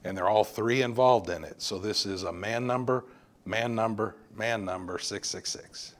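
A man's voice: fairly low pitch, moderate pace. A male pastor preaching a sermon, emphatic and repeating words for stress.

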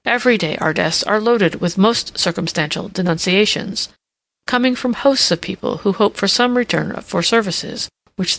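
A solemn, confident minister of police, as a woman narrator puts him on, reporting to his king in formal, earnest tones. The voice has a gravelly texture and a close, dry sound. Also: mid-range voice, fairly bright tone, no echo. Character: grave middle-aged male police minister, confident, official.

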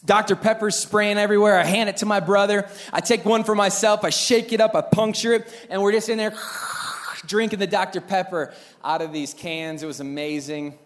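Young male pastor, high voice, animated storyteller who acts out scenes. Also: a little fast. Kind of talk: sermon with storytelling.

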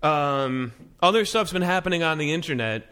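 A man co-hosts a casual tech chat show, speeding through stories with plenty of restarts and tangents. His pitch swings widely as he talks, lively and animated throughout. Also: clean tone. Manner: fast, rambling, animated. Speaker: podcast co-host.

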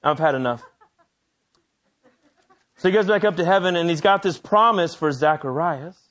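High-voiced, animated male preacher. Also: a little fast. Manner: animated, conversational storytelling. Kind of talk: sermon.

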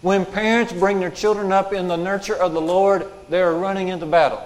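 A man's voice: sits high, steady tone, brisk, hardly any pauses. A man preaching a sermon as pastor, emphatic and repeating his key lines for weight. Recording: long hall reverb.

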